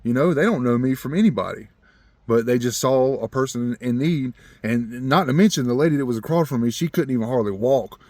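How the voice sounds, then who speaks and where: A man telling a personal story in a rambling, earnest way, chuckling often and growing animated when he talks about faith. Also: medium pitch, brisk, no room sound. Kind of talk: casual storytelling.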